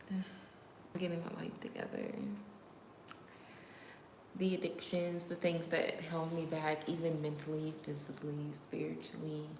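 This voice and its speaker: Low-voiced woman chatting on a livestream. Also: creaky, background noise. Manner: talks straight to viewers, drops into whispers, laughs often. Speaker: livestream host. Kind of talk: casual livestream chat. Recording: roomy room echo.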